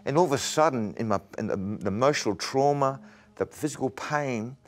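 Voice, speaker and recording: A man speaks as a guest evangelist on a television interview. His voice sits at an ordinary middle pitch. He tells his story earnestly and haltingly, often circling back over his words. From Australia. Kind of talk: interview testimony.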